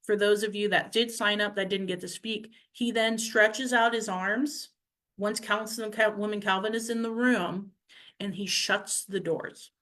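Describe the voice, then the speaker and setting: A councilwoman recapping events to her viewers, animated, acting out the people she quotes. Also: medium pitch, unhurried. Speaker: city councilwoman.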